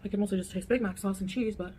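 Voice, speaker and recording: A woman talks casually while eating on camera, chatty and relaxed, breaking off between bites. Her voice sits at a middling pitch, and a faint hiss runs underneath. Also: very fast. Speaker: mukbang video creator.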